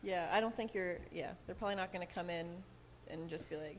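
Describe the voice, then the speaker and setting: A woman's voice: lowish voice, fast, a little hiss or hum. A woman co-hosting a podcast in casual chat, with dry teasing remarks. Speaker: podcast co-host.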